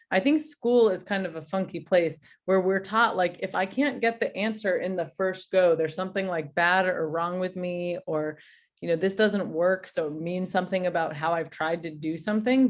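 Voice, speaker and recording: Low-voiced woman mentor telling a story. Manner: animated storytelling with many "like" fillers. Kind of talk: casual advice talk.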